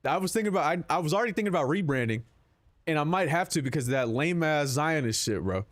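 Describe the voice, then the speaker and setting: A man's voice: fairly high pitch, animated, quick pace. A man streaming a game, chatting casually with his chat in a rambling, profane, laid-back way.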